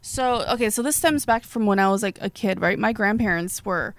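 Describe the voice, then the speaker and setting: A woman's voice: mid-range voice, a little fast, no room sound. A young woman talking candidly in a casual group chat, swearing freely and acting out what people say. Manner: candid, swears, acts out quotes. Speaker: panel guest.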